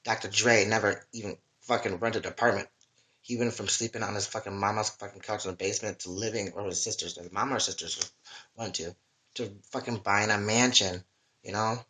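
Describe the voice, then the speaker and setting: Bright-voiced livestreamer rambling emotionally. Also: low-pitched, steady tone, fairly quick. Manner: rambling and emotional, with heavy swearing. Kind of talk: casual livestream monologue. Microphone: webcam or phone mic.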